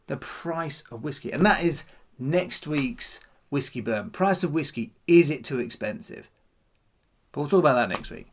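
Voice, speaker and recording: A man hosting his own whisky channel, chatting casually to camera and musing aloud as he tastes. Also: medium pitch. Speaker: whisky vlogger. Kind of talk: casual tasting chat to camera.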